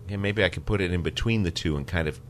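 A man on a garden radio show chatting casually, thinking aloud in halting phrases. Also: low-pitched. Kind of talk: casual chat.

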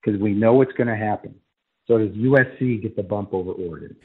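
A man's voice: lowish voice, fast, husky. A man calling in as a college football writer, giving emphatic, argumentative analysis on sports radio over a phone line.

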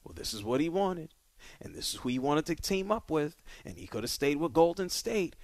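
A man's voice: fairly high pitch, big pitch swings, moderate pace, no echo. A man hosting a sports talk radio show, delivering an opinionated monologue with emphatic, punchy repetition.

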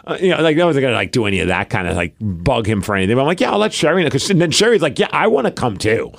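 A man's voice: medium pitch, racing, vocal fry. A man in his forties, co-hosting a podcast and telling a story in casual chat, acting out the lines he quotes. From US Pacific Northwest. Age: 40s. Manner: animated storyteller, acts out quotes. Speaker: podcast co-host.

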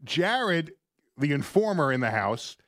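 A man's voice: a little high, expressive, moderate pace. A middle-aged man co-hosting sports talk radio, telling a story in a rambling way with many restarts.

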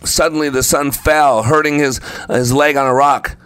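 A man's voice: mid-range voice, fairly even intonation, normal speed, a bit bright, clean tone, no echo. A man preaching a sermon, speaking emphatically and repeating phrases for effect. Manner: acts out the story voices while telling it.

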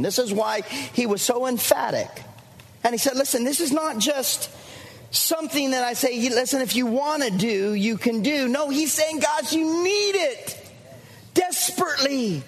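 A man's voice: very high voice, lively intonation, normal speed. A male pastor preaching a fervent sermon to his church, repeating lines and calling out to the congregation. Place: church sanctuary. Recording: long church reverb.

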